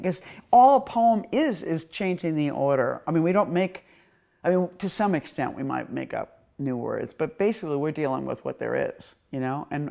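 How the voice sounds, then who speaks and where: A woman's voice: low voice, creaky, warm tone. A woman poet with a Boston accent, musing in an interview and declaiming her poems with rhetorical questions. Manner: musing, circling, frequent "you know?". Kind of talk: reflective interview talk and spoken-word poetry reading.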